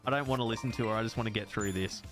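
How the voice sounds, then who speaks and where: A man's voice: fairly low pitch, very fast, music in the background. An Australian man in his thirties, chatting and rambling casually while he plays a game, laughing often. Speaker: gaming streamer. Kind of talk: casual chat while playing.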